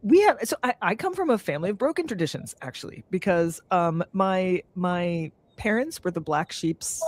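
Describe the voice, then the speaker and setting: A podcast co-host with a very lively, up-and-down voice at a middle pitch. The host chats casually, laughs a lot and reads listener comments aloud. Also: normal speed. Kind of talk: casual chat.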